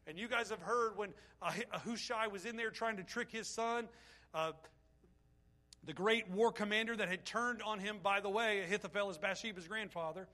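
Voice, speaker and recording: Speaking at normal speed, a middle-aged male pastor delivers an impassioned sermon in a bright, high-pitched voice. He is full of feeling while preaching, then eases into a gentle, hushed tone for prayer.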